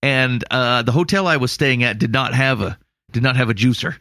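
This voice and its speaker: A man's voice: mid-range voice, fairly quick, creaky, sharp tone, dry recording, studio quality. A man from Iowa co-hosting a podcast, telling a long story casually and laughing at himself. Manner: rambling, self-mocking, laughs through his story. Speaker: podcast co-host.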